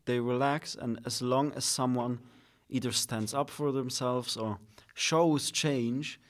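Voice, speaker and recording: A man's voice: medium pitch, fairly even intonation, slow pace. A young man co-hosting a casual motivational podcast, talking bluntly, swearing freely and laughing often. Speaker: podcast co-host.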